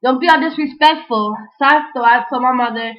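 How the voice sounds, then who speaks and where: A young woman, telling a casual, slangy, animated story in a vlog. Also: high-pitched, brisk. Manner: animated, slangy, frequent "you know what I'm saying". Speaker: vlogger. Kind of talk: casual storytelling and freestyle rap. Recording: dull lo-fi home recording.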